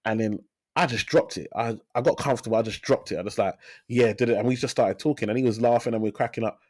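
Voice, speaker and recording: Energetic man telling his story, dry sound. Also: mid-range voice, fast talker, dry recording. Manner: energetic storyteller, repeats phrases for emphasis. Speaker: financial advisor, podcast guest. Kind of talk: casual interview talk.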